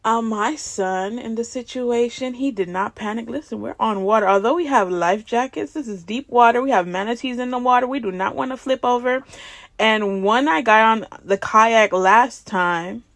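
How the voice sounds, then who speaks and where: Lively woman telling a testimony. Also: a little high, normal speed, no room sound. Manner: lively, laughing, acts out dialogue. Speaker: ministry speaker. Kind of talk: personal testimony storytelling.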